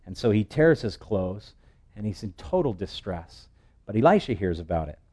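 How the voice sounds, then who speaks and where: A male pastor preaching an expository sermon, telling the scripture story in a lively way and acting out its voices. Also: lowish voice, moderate pace.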